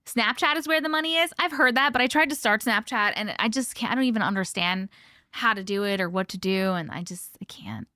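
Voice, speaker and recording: A woman's voice: medium pitch, fairly quick, bright, forceful tone, no echo, clean studio sound. A woman hosting a livestream, chatting casually with viewers, greeting them by name and laughing often. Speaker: livestream host.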